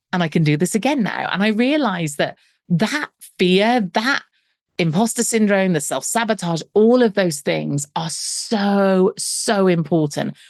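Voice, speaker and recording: A woman's voice: mid-range voice, a little mellow, no echo, studio quality. A middle-aged woman, a business coach interviewed as a guest, telling her story animatedly and acting out the dialogue with self-deprecating humour. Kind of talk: conversational storytelling.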